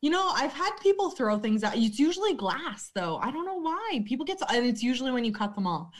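A young adult woman with a slightly high voice tells bar stories in a casual chat. She is blunt and swears freely. She laughs through her stories and acts out the customers' lines. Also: sing-song, brisk, few pauses. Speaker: bartender.

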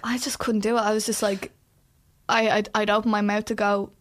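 A young Irish woman in her own natural register talks in a relaxed, unscripted way. She is animated and a bit sweary, tossing in quick asides and playful impressions. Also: medium pitch. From Ireland. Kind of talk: casual chat.

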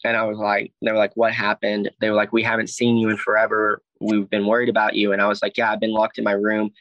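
A man's voice: fairly low pitch, monotone, fast talker, no room sound, lo-fi sound. Young man, rambling storyteller, swears a lot, dry close mic. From Alabama. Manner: rambling, heavy "like" and "I was like", frequent swearing. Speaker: guest telling his story. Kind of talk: casual storytelling.

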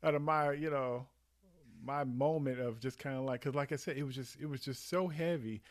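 A man co-hosting a casual podcast, talking in a rambling, animated way with many restarts. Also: mid-range voice, moderate pace, no room sound, studio quality. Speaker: podcast co-host. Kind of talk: casual chat.

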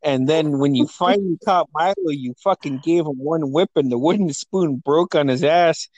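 A man's voice: fairly high pitch, moderate pace, darkish tone, no room sound, low-quality recording. A young adult man hosting a podcast, telling family stories in a casual, profane way and often laughing. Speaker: podcast host.

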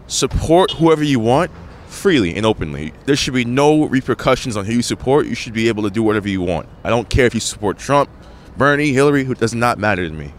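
A man's voice: medium pitch, lively intonation, fast, a little hiss or hum. A man from Long Island interviewed on the street, speaking in an easygoing, plainspoken way. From Long Island, New York. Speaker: passerby interviewee. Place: outdoors on a city street.

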